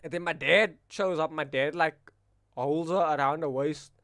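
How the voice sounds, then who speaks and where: A young man with a South African accent, telling animated, laughing stories in casual chat on a stream. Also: fairly high pitch, normal speed, no echo, studio quality.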